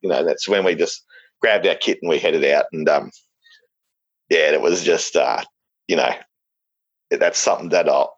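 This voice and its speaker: A man's voice: a bass voice, moderate pace, pauses often, dull audio. A middle-aged man with an Australian accent, casually telling a jokey, rambling story as an interview guest, full of fillers and restarts.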